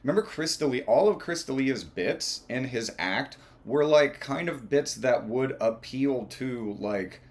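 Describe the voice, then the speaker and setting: A man co-hosting a casual reaction chat, rambling loosely with lots of fillers and quick laughs. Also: mid-range voice, expressive. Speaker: co-host.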